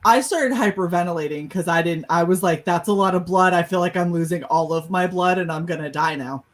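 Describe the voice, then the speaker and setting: A woman on a panel show, telling a personal story in casual chat, animated and cursing freely. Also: on the low side, brisk, poor audio. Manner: animated, swearing, laughing storyteller. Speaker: podcast panelist.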